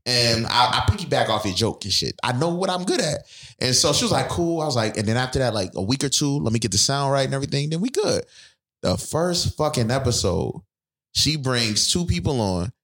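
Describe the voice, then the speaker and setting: A man co-hosting a podcast, telling stories in loose, animated banter and swearing freely. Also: mid-range voice, fairly quick, roomy sound. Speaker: podcast co-host.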